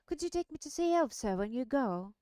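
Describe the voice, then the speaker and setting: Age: young man, gardener played by a woman. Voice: raised, loud, smooth. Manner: eager, breathless, stammering. Native: not English. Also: on the high side, lively intonation, moderate pace, no echo, close to an everyday voice.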